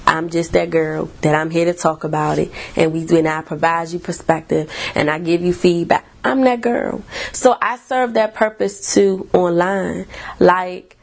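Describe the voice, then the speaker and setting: A woman therapist and podcast host telling a personal story in a blunt, profane, animated way. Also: on the low side, measured pace, creaky. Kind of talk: storytelling monologue.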